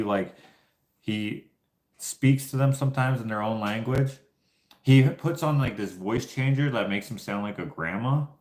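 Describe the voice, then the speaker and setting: A man hosting a casual livestream chat, telling rambling stories with many fillers and restarts. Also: on the low side. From Canada. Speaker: livestream host. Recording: roomy echo.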